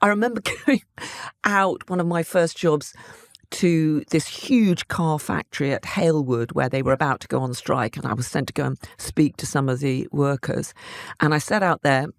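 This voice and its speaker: A woman in her fifties or older, a former news correspondent, telling stories from her career in a conversational interview, animated and laughing often, with many restarts. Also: low voice, moderate pace, no echo.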